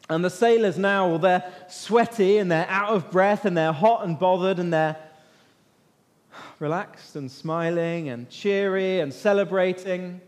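A man telling a Bible story as a sermon, lively, often questioning his listeners and waiting for their answers. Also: high-pitched, a little slow. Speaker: preacher leading a Bible talk. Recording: long reverb of a large hall.

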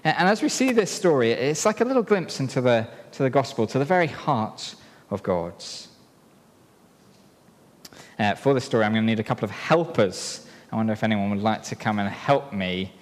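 Lively preacher in an echoing hall. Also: male voice, medium pitch, moderate pace. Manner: lively, playful storyteller who directs helpers. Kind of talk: sermon with a live object lesson. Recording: long reverb in a hall.

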